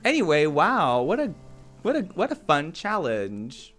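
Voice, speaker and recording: A man's voice: fairly high pitch, huge pitch swings, measured pace, a bit bright, soft background music. A man streaming a game, chatting casually with his viewers, giggling often and answering chat aloud. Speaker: Twitch streamer.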